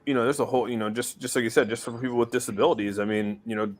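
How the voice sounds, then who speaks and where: A man's voice: medium pitch, fairly even intonation, very fast. A man co-hosting a casual live stream over a voice call, rambling with lots of fillers and swearing casually. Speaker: stream co-host.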